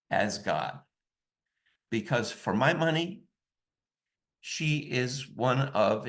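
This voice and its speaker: A man telling a personal story over a video call, in a slow, reflective and intimate way. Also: medium pitch, a bit bright.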